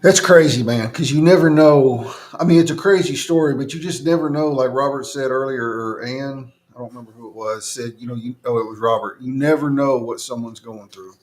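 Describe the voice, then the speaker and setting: A man's voice: medium pitch, a little fast, few pauses. A man hosting an interview, supportive and affirming in casual talk. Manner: supportive, lots of murmured agreement. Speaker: podcast host.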